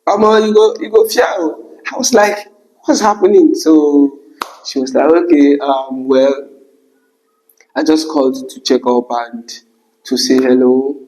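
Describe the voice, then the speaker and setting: Animated man telling a story. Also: a little slow, low-quality recording. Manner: animated, rising to high exclamations. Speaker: vlogger. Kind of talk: emotional personal storytelling.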